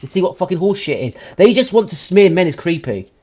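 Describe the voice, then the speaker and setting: A man with a somewhat high voice delivers heated, profanity-laced commentary. He rants and hammers his points home. The recording sounds a little dull and muffled. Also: very animated, fast, dark tone. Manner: ranting, profane, emphatic. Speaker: podcast host.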